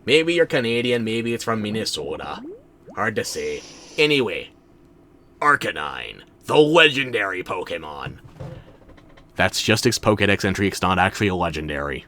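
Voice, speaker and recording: A man's voice: on the low side, very animated, moderate pace, sharp tone, slight background noise. A man streaming a video game, making jokes, mocking himself and rambling as he plays. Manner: joking, self-mocking, rambling. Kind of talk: casual let's-play commentary.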